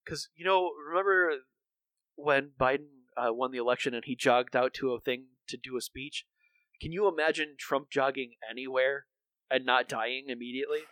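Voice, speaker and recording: A man's voice: mid-range voice, fairly even intonation, moderate pace, pushed and bright, dry recording. A man co-hosting a podcast, recapping a cartoon episode in a rambling, casual way with many fillers and restarts. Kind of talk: casual chat.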